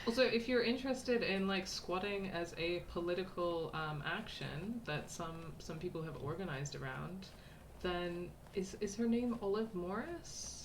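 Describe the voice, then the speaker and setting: A chatty woman with a fairly low voice talks casually over a video game she is playing with a friend. She laughs often and breaks off to explain things. A faint hiss sits under the recording. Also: a little slow. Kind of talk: casual let's-play chat.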